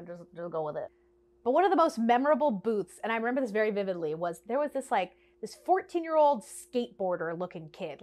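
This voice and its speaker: A woman chatting to camera in a bubbly, animated way, telling a storytime to her viewers and laughing often. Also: mid-range voice. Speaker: vlogger. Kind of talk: casual storytime chat to camera.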